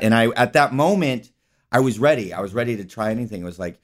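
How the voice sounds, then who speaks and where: A man's voice: mid-range voice, animated, fast talker. A man guest on an interview show, telling stories in a rambling, casual way, often saying "like" and "you know". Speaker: guest, actor and filmmaker.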